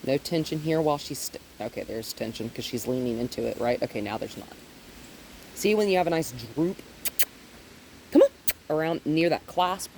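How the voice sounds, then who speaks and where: A woman dog trainer talks through a leash-walking session outdoors, her mellow voice swinging widely between calm explanation and bright praise. Faint wind sits behind her. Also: brisk, vocal fry. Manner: explains calmly, then praises the dog in a high, happy voice. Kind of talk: hands-on training demonstration. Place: outdoors in a yard with trees.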